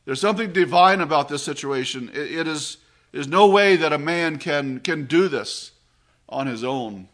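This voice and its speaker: A man preaching a sermon in a slow, measured way, his voice dropping low and soft on solemn phrases. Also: lively intonation.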